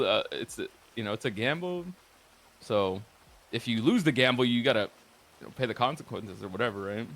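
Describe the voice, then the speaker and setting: A man's voice: on the low side, fairly bright tone. Casual man recapping a roleplay story. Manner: profane, rambling recap with frequent filler words. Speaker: roleplay streamer.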